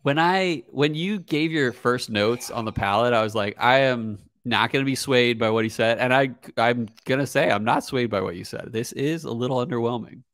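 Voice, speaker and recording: A man co-hosting a casual podcast, his voice sitting at an ordinary pitch. He talks in a relaxed way and often stops to find his words. The sound is dry and close, with no room heard around him. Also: moderate pace, few pauses, no room sound. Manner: relaxed, hesitant, lots of fillers. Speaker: podcast co-host. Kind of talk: casual chat.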